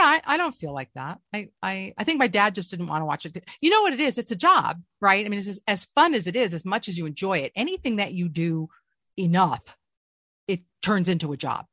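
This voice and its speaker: Lively middle-aged voice actress, dry sound. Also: female voice, no room sound. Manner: animated storyteller with lively swings in pitch. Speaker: voice actress, guest. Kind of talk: casual interview chat.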